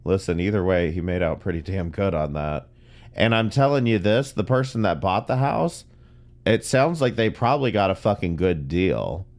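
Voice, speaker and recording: A man's voice: sits low, animated, normal speed, a little mellow. A man hosting reaction commentary on stream clips, blunt, profane and exasperated. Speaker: commentary host.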